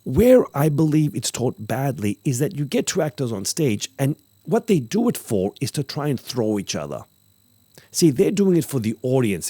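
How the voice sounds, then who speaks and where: A man hosting a podcast, talking casually about acting craft, animated and repeating phrases for emphasis while acting out example lines. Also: medium pitch, slightly rough, no room sound. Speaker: podcast host, acting teacher.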